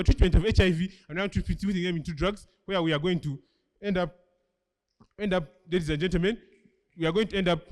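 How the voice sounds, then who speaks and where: A young man in his late teens with a Ugandan English accent, giving an emphatic competitive debate speech as the opposition's first speaker, repeatedly addressing the audience. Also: high-pitched. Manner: emphatic, keeps repeating "ladies and gentlemen".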